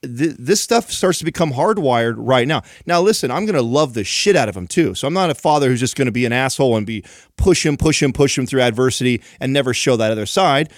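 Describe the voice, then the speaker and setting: Lively young father telling a story. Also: mid-range voice, fast talker, no echo, clean studio sound. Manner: animated storytelling, many restarts. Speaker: podcast co-host. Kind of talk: casual podcast chat.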